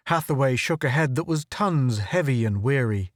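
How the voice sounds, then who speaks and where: A man narrating an audiobook reads a story in a steady, measured manner, his pitch in the middle range. It's scripted narration, recorded dry and close with no room sound around it.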